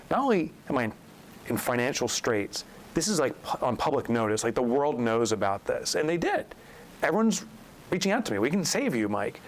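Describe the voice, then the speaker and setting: Man guest, lively storyteller, jumps high when quoting others; podcast interview. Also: rough recording. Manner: animated storyteller acting out quotes, rising sharply when incredulous. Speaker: guest, author and business coach.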